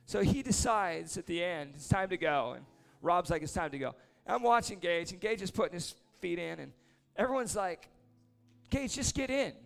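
Animated male preacher, music behind. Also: high voice, normal speed, creaky, hardly any pauses. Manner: casual, lively, animated storytelling. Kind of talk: sermon with story and prayer.

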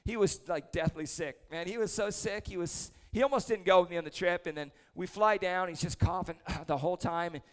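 A man's voice: high-pitched, a little fast, hardly any pauses. A man in his forties preaching a sermon to a church congregation, telling chatty, self-deprecating stories with humor. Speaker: prayer leader preaching. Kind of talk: storytelling sermon. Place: church service before a congregation.

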